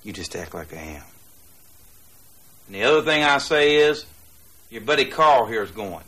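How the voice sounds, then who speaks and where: A swaggering, profane bully, forceful and bright. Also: male voice, mid-range voice, sing-song, moderate pace. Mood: menacing. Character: crude, bullying Southern man laying down household rules. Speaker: film character.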